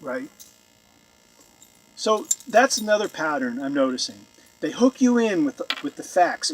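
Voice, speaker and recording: A man's voice: high voice, expressive, unhurried, slight background noise. A man commenting on a video with sarcastic, incredulous remarks, often repeating himself, recorded at home. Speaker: YouTube commentator.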